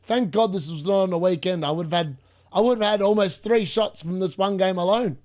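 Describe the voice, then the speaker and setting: A young man commentates live on a football match for his fantasy football stream, excitable, laughing often and chatting with his viewers. His voice sits high and runs a little fast.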